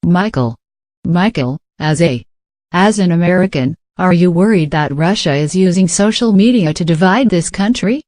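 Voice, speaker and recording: A man's voice: high voice, lively intonation, moderate pace, a little mellow, no room sound. A man from Africa hosting a late-night comedy show, delivering a scripted monologue and playing the dry, incredulous straight man.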